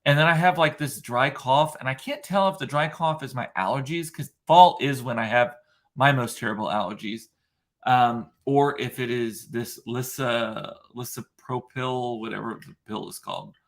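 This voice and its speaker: Chatty man with a deep gravelly voice. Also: moderate pace. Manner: chatty, rambling, self-deprecating, many fillers. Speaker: livestream host reading viewer comments. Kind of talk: casual chat.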